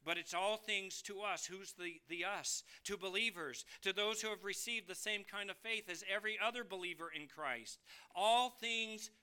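A man preaching a sermon from the pulpit, moving between emphatic rises and soft low drops, asking the congregation questions. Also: moderate pace, few pauses, clean tone. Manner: addresses listeners as beloved, asks them questions. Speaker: pastor.

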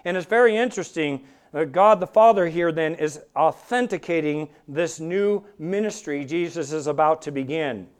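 A male pastor delivers a sermon with a high, smooth, resonant voice. He preaches with emphatic, dramatic swells, leaning hard on key phrases.

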